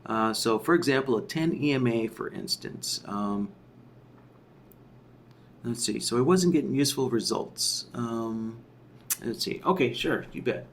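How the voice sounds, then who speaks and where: A man teaching a software tool in a screen-share tutorial, explaining step by step and often checking in with "right?" while he thinks aloud. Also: medium pitch, animated, a little slow, slight background noise. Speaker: software trainer.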